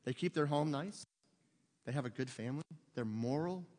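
Reverberant preaching man, fairly high voice. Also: normal speed, darkish tone. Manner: emphatic preaching with rhetorical questions. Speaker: pastor. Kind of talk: sermon.

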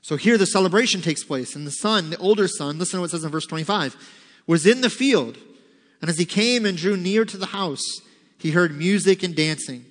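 A man's voice: high-pitched, brisk. Man preaching in a reverberant hall. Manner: conversational preaching, reads scripture aloud, acts out voices. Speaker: pastor. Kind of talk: sermon. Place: church sanctuary. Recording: long reverb of a large hall.

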